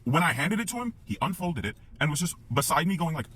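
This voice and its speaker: A young man telling a personal story in a casual, profane, animated way, acting out the sounds as he goes. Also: on the high side, quick pace, slight background noise.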